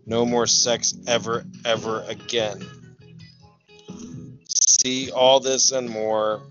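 A man co-hosting a comedy podcast, doing comic bits and deadpan parody trailer narration. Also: mid-range voice, slow. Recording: dull lo-fi recording with faint music.

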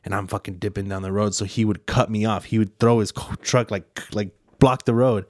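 A man's voice: lowish voice, fairly even intonation, brisk, darkish tone, dry recording, studio quality. A young man in casual chat, swearing freely as he retells a run-in with a neighbor.

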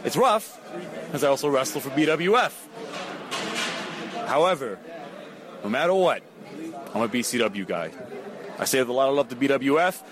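A man's voice: medium pitch, lively intonation, moderate pace, pauses often. A man from the Bronx, a wrestler, answering post-match questions in an earnest, rambling way. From the Bronx, New York. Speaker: pro wrestler. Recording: crowd noise outdoors.

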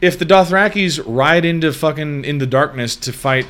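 Bright-voiced man, casual profane chat. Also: fairly high pitch, normal speed, smooth. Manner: profane, animated storytelling.

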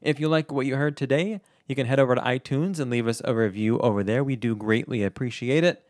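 A man's voice: medium pitch, quick pace, darkish tone, no room sound, clean studio sound. A man co-hosting a podcast, chatting casually through the show's outro and plugs. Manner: chatty, self-deprecating. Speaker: podcast co-host.

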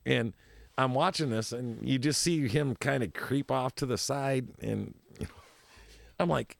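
Gravelly man rambling through a story. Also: mid-range voice, measured pace, no room sound. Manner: rambling, repeats himself, laughs often.

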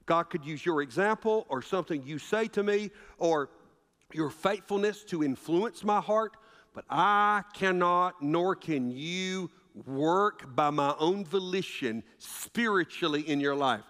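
A man pastor preaching a sermon, asking rhetorical questions and swinging between loud emphasis and hushed asides. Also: high voice, expressive, a little slow. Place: church sanctuary. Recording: long reverb of a church sanctuary.

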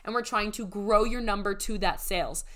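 A young woman business coach giving an enthusiastic, persuasive sales pitch, her voice strained and close to giving out. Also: normal speed, pushed and bright. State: strained, nearly losing her voice. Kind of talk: promotional podcast monologue.

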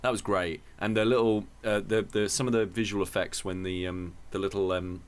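Low-voiced man, blunt and offhand. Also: little pitch movement, moderate pace, clean tone. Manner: blunt, offhand, hesitant with fillers. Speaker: podcast co-host. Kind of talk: casual podcast chat.

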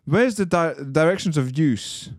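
Brief: young British podcast co-host, lively teasing voice, dry close sound. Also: male voice, fairly high pitch, unhurried, no echo. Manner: teasing, laughing a lot. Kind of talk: casual chat.

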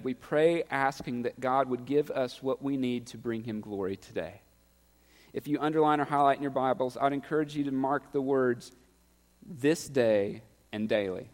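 A man preaching a sermon, building to loud, impassioned peaks. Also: mid-range voice, big-room sound. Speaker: pastor.

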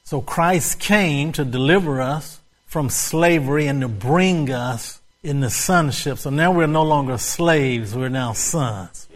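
A man's voice: on the high side, slow, few pauses. A male pastor preaching a sermon, repeating key words with emphasis and breaking into laughter. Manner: repetitive, emphatic, bursts into laughter.

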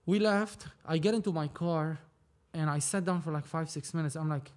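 A man's voice: a little high, normal speed, darkish tone. A man from Lebanon, a film producer, telling a story in a casual interview, acting out dialogue and swearing freely.

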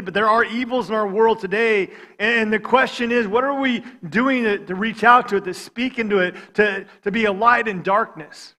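A man preaching a sermon, stammering on restarts and swinging from loud appeals to hushed lines. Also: sits high, moderate pace. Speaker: pastor.

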